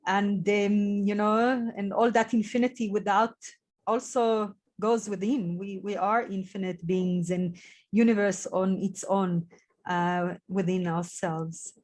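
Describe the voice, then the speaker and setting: A woman's voice: mid-range voice, fairly even intonation, slow pace, a little mellow. Woman host with a musing manner. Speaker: interview host. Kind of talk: casual interview talk.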